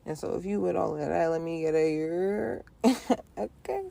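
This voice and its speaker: A woman hosts her own podcast in a playful, rhythmic solo monologue, using casual slang, conversational phrasing, and frequent laughter. Her voice is low and mellow with vocal fry, fairly even intonation, and a moderate pace.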